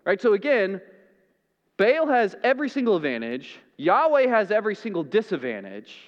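A man preaching a sermon as pastor, dramatic, swinging from loud to hushed. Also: sits high, huge pitch swings, normal speed, big-room sound, lo-fi sound.

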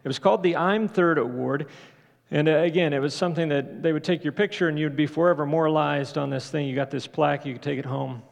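A pastor giving a conversational sermon in a church, often asking the congregation questions. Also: male voice, on the high side, fairly even intonation, quick pace, gravelly, big-room sound. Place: church sanctuary.

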